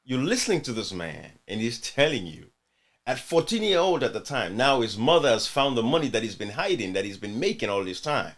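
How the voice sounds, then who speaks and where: A man's voice: medium pitch, sing-song, brisk. A man hosting a channel who comments earnestly on an interview clip, addressing viewers directly and repeating himself for emphasis.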